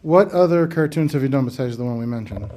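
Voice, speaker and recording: A man's voice: mid-range voice, animated, fast talker, warm tone, a little hiss or hum. A man interviewing voice actors at a fan convention, asking short, friendly questions.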